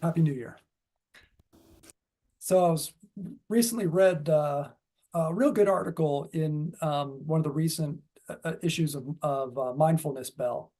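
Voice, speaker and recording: A man's voice: on the high side, unhurried, pauses often, dark tone. A man giving a dharma talk in a casual, rambling way with many fillers and restarts. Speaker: dharma speaker.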